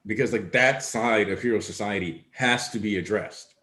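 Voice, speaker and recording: A man with a fairly low, fairly bright voice co-hosts a casual discussion at a moderate pace. He is analytical and explains his points in long stretches. The room sounds echoey.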